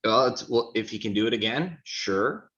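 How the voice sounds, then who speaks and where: Man, very deep voice, opinionated soccer talk, rambling, slightly dull recording. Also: lively intonation, moderate pace, fairly bright tone. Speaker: co-host of a soccer talk show. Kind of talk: casual sports chat.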